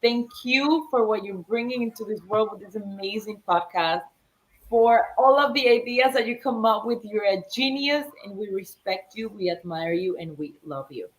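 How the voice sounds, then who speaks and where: A woman's voice: medium pitch, animated, normal speed, poor audio. A woman guest on a podcast, speaking over a call in emphatic, affectionate bursts and repeating her phrases. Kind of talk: casual chat. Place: New York.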